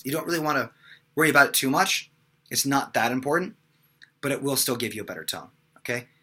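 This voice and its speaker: A man's voice: medium pitch, expressive, fast, sharp tone, husky. A young man teaching singing casually, with lots of fillers between his examples. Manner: casual, talks with many fillers between demonstrations. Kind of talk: vocal lesson with sung examples.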